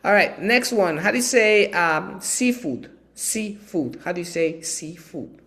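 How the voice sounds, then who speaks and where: A teacher leads a live bilingual Spanish class, unhurried and deliberate in delivery. The voice drills vocabulary word by word, repeating each term, and keeps the learners engaged with playful, coaxing questions. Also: medium pitch, expressive, fairly bright tone. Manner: switches between English and Spanish. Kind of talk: live bilingual language lesson.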